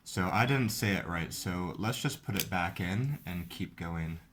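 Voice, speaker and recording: Low-voiced man explaining a card game. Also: animated, unhurried, background noise. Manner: explains game rules step by step. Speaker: host. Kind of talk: casual game commentary.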